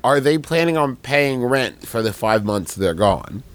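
A man co-hosting a comedic podcast, chiming in with dry, quick quips between the others. His delivery stays laid-back and even. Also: medium pitch. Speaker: podcast co-host. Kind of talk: casual comedic chat.

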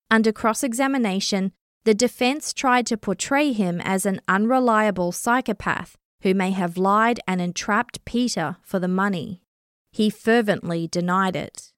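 A woman narrating a true crime story in a measured, scripted storytelling delivery. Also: medium pitch, no echo, studio quality.

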